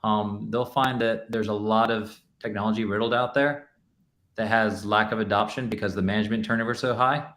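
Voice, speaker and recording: A male restaurant tech executive speaks conversationally on an industry panel, frequently saying "you know." His voice is on the low side and a bit bright, fairly quick, with fairly even intonation.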